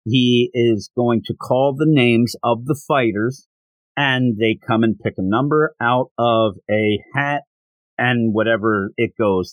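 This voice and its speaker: A man hosting a podcast, casually retelling a comic chapter with amused asides and quick voice impressions. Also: medium pitch, no room sound. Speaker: podcast host. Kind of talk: casual manga recap.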